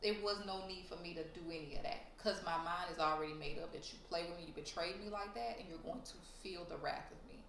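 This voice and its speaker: A young woman with a slightly low voice retells a story in blunt, profane, heated bursts. The sound is roomy and echoey. There is a faint noise underneath. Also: steady tone, brisk, few pauses, fairly bright tone. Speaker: storytime vlogger. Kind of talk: casual storytelling to camera. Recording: roomy echo.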